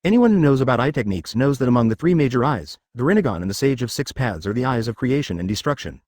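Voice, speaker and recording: Brief: male story narrator, evenly read, animated pitch, dry. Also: fast talker, dry recording. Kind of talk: scripted narration.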